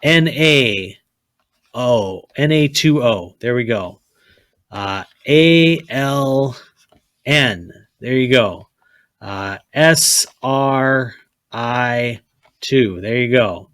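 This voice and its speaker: A man's voice: mid-range voice, expressive, very slow, a bit bright, no echo. Blunt man teaching chemistry. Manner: blunt, repeats okay, prods students to write. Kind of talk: classroom lecture.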